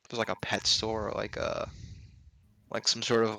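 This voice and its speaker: A man's voice: on the low side, little pitch movement, normal speed, gravelly, sharp tone. Casual rambling tabletop player man. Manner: rambling with many fillers. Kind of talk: casual chat.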